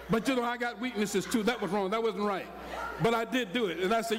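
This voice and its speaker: An older man preaching a sermon, telling a story with acted-out dialogue and rising to shouts. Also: high-pitched, fairly quick, background noise. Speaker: pastor. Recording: long hall reverb.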